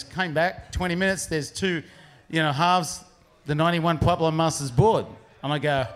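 A man's voice: fairly high pitch, normal speed. Rambling man spinning a yarn. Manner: rambling, restarts often, laughs through punchlines. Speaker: pro surfer telling a story. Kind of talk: casual storytelling.

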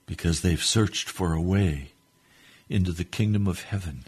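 A man's voice: deep voice, moderate pace, a little mellow, husky. A man preaching on a radio broadcast, leading a fervent, pleading prayer that swells and drops. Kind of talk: sermon prayer.

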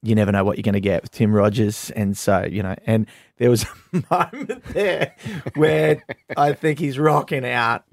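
Australian man, gravelly voice, dry close sound, rambling anecdotes. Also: mid-range voice, moderate pace, no echo. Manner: rambling anecdotes, laughing often. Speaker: musician guest. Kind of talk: casual storytelling interview. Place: radio studio.

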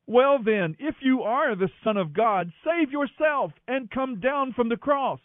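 A man's voice: very high voice, animated, unhurried, dry recording, voice pushed up. A man voicing a scornful crowd of mockers, taunting in a raised, sneering voice. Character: jeering crowd of mocking men, scornful. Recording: thin phone-like sound, dry.

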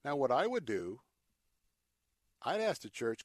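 A man's voice: mid-range voice, very animated, a little slow, pauses often, no room sound, clean studio sound. A man hosting a talk show, giving opinionated commentary in an indignant, emphatic way with sarcastic, folksy asides. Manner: indignant, emphatic, repeats words for effect. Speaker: radio talk show host.

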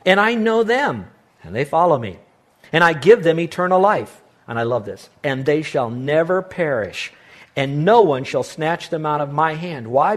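A man preaching a sermon as pastor, emphatic, with rhetorical questions and pauses. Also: a little high, big pitch swings.

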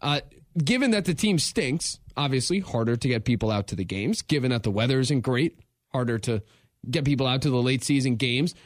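A man's voice: mid-range voice, lively intonation, brisk, no echo. A man co-hosting a sports radio show, talking in a loose, wry way with small joking asides. His voice sits in an ordinary middle range. The sound is close and dry, with no room around it. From not from the show's town. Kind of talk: casual sports radio chat.

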